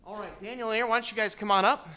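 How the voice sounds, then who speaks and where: High, bright-toned male pastor, playful and teasing, leading a church service. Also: fairly even intonation, racing. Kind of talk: church service, Bible trivia and introduction.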